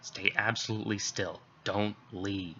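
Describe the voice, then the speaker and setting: A man voicing a police officer taking an emergency call, giving measured instructions in a creepypasta reading. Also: medium pitch, bright, forceful tone, a little hiss or hum. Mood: urgent hushed. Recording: dull lo-fi recording.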